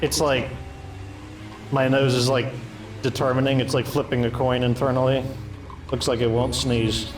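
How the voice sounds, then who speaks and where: A man's voice: mid-range voice, little pitch movement, normal speed, pauses often. Guy streaming a game, offhand chatty commentary, faint music under it. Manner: chatty, offhand, thinks aloud while playing. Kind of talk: casual gameplay commentary.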